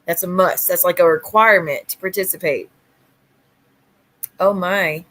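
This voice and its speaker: A woman hosting a casual livestream at home, talking bluntly and sassily with quick retorts to her viewers. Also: fairly low pitch, fairly even intonation, fairly bright tone. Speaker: livestream host.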